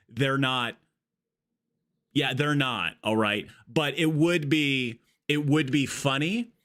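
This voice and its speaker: A man with a mid-range, slightly bright voice is live-streaming a game. He chats casually, rambling and joking as he drifts off onto tangents.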